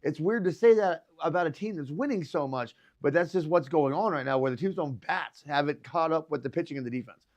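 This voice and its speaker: A man co-hosting a local sports radio show, excitable, reeling off stats. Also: a little high, a little fast. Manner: excitable, hypes teams, rattles off stats. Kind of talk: casual sports talk radio.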